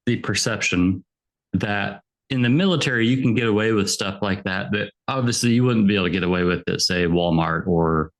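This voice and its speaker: A man's voice: on the low side, brisk. A man co-hosting a podcast, asking easygoing questions in casual chat. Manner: easygoing listener, loose questions with restarts. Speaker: podcast co-host.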